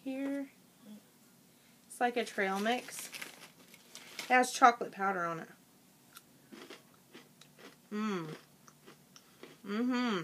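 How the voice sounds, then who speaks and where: Woman vlogger, relaxed unhurried delivery, sharp bright tone, casual haul chatter while snacking. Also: a little high, slight background noise. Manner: chatty, eats and chews while talking. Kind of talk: casual product haul chat.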